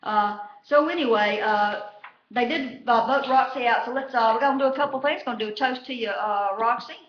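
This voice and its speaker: Recorded with dull lo-fi sound, some hiss or hum, and room echo, a woman talks briskly in a slightly high voice. She's a vlogger chatting about a reality show, and her recap is profane, rambling, and packed with fillers.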